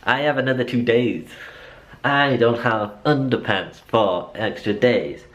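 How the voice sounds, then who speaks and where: A man's voice: mid-range voice, unhurried, highs cut off. Rambling young man vlogging. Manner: rambling, chatty and self-mocking. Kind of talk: casual vlog chat.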